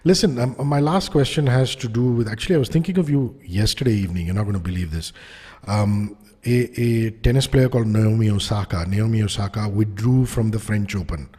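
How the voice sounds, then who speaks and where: A man hosting a radio interview, chatting casually with quick, enthusiastic reactions. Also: lowish voice, dark tone, breathy edge, big-room sound. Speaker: radio show host.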